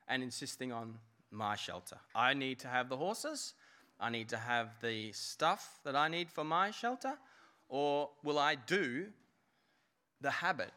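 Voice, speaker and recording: A man's voice: medium pitch, pushed and bright. A man preaching a sermon in a conversational way, asking rhetorical questions of his listeners. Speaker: pastor.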